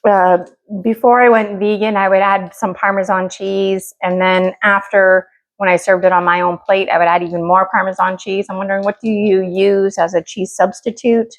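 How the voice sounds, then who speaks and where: Brief Middle-aged woman, home cooking vlogger, relaxed rambling chat full of ums and likes, mid-pitched voice. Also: normal speed. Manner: rambling, chatty, many fillers. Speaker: cooking vlog host.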